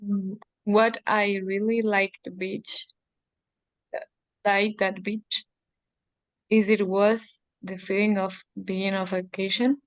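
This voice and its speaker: A woman's voice: mid-range voice, level tone, slow pace, pauses often, dry recording. A woman answering in an English class, reading sentences carefully and tentatively. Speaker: language student.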